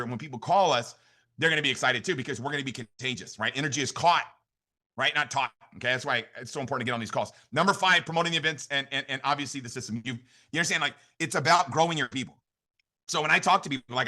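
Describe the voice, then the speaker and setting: An American man giving a motivational sales training talk to his team, energetic and constantly checking in with "right?". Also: on the high side. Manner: rapid, energetic, repeats "right?" to the audience. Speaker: network marketing leader training his team.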